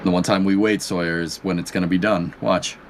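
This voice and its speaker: A man's voice: sits low, fairly even intonation, brisk, heavy background noise. A man with a Boston accent co-hosting a live stream in playful banter. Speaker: livestream co-host. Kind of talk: casual live commentary.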